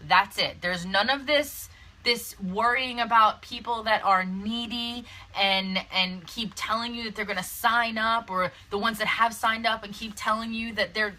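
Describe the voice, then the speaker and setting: A young woman who coaches network marketing hosts a casual live video, chatting, laughing often, and using lots of fillers and restarts. Her medium-pitched voice is pushed and bright at a measured pace, picked up by a phone or webcam on a rough recording.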